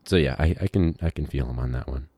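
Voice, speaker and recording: Low-voiced rambling male teacher. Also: fast talker, warm tone, no echo. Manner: rambling, digressive, many fillers. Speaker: high school teacher. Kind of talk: casual podcast monologue.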